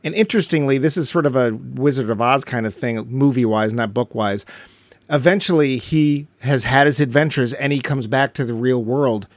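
A man's voice: medium pitch, normal speed, dry recording. A man co-hosting a podcast, chatting casually about a movie and retelling scenes with acted-out quotes. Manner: enthusiastic, acts out quotes in character. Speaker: podcast co-host. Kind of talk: casual movie review chat.

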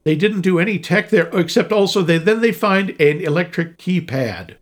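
A man in relaxed conversation, co-hosting a film review show. His voice sits a little high for a man, and he speaks with a dry, sarcastic, knowing tone. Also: normal speed. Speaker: podcast co-host. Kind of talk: casual movie review chat.

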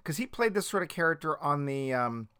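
A man with a slightly raised pitch, middle-aged and from the Boston area, chatting about a comedy film with a friend. He jokes freely and lets some thoughts trail off into quiet mumbles. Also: animated, brisk, clean tone. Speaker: podcast co-host. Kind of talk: casual movie discussion.

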